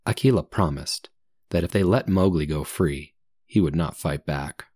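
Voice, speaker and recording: A man reading a story aloud for English learners, slowly and clearly, with comprehension questions and answers in between. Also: deep voice, darkish tone, no echo. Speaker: English teacher.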